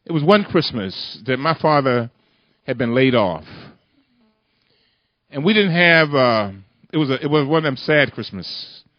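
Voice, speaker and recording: A man's voice: mid-range voice, animated, a little slow. A man giving an impassioned speech to a union audience with an emphatic oratorical cadence, repeating lines for effect. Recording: muffled lo-fi recording.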